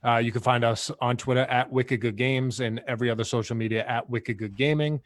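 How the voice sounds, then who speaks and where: A man's voice: medium pitch, steady tone, fairly quick, no echo. A man appearing as a guest on a podcast, talking about his own gaming show in a laid-back, casual way. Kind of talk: casual chat.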